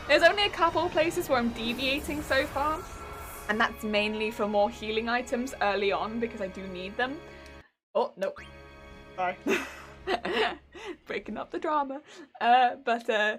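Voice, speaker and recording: Giggly high-voiced woman streamer. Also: lively intonation, moderate pace, over music. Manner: giggly, chatty, greets viewers, talks over gameplay. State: recovering from a migraine. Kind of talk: casual gaming stream chat.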